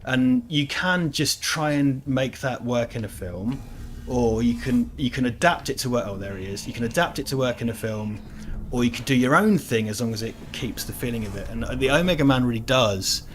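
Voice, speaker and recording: A man's voice: medium pitch, animated, normal speed. Rambling British man chatting over a game. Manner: rambling, swears, laughs often. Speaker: let's play host. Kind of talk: casual gameplay chat.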